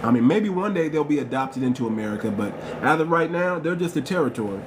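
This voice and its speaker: A man hosts a live stream in a slightly raised voice, repeating his points with lecturing emphasis. An air conditioner hums clearly behind him. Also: on the high side, animated, fast, background noise.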